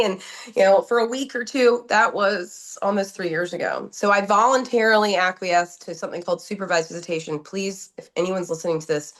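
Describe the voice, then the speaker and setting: A woman from New Jersey speaks as a podcast guest, pouring out her story in an urgent, emotional rush. She stumbles and restarts often, repeats words for emphasis and slips into quoted back-and-forth. Her pitch sits in a middle range for a woman. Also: a little fast. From New Jersey, USA. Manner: urgent, animated retelling with many restarts and quoted dialogue.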